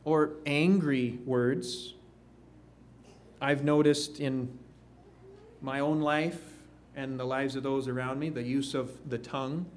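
A man preaching a sermon, slow and emphatic, with rising questions to the congregation. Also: medium pitch, fairly even intonation, a little hiss or hum.

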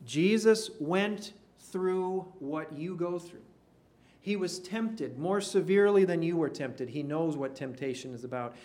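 A man preaching a sermon in an earnest way, sinking to a hush on key phrases. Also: fairly high pitch. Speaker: pastor.

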